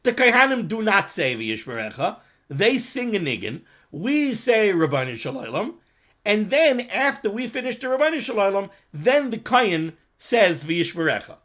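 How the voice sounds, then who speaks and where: Lively high-voiced man teaching. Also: normal speed. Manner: animated, quotes texts in Hebrew and Yiddish-flavored pronunciation. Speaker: Torah teacher. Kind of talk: daily halacha class.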